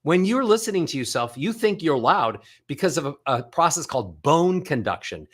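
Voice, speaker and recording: Lively, expressive man giving a talk. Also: fairly high pitch, moderate pace. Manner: animated, demonstrates vocal sounds as he explains. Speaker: vocal coach giving a book tour talk. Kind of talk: live motivational talk.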